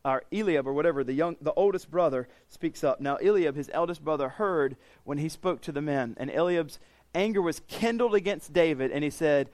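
A male preacher with a slightly high voice and a darkish tone teaches through scripture at a brisk pace, paraphrasing the passage in everyday words. His delivery is loose and conversational, with frequent restarts and repeated words, and the sound is close and dry with no room echo.

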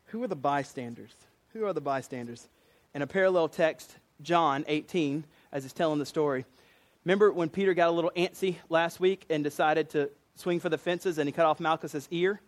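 A man's voice: on the high side, fairly quick. A man with a Southern US accent preaching a sermon in a conversational way, acting out quotes in different voices.

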